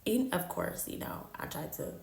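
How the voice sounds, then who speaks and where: A woman's voice: normal speed, echoey room, slight background noise. A woman telling a personal story in a casual vlog, slangy and candid, repeating phrases for emphasis. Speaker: storytime vlogger.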